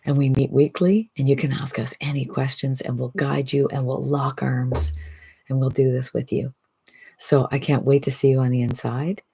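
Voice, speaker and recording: A woman in her sixties giving an enthusiastic, persuasive direct-to-camera sales pitch as an online business coach, often asking "right?". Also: little pitch movement, normal speed, gravelly, mellow, husky. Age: 60s.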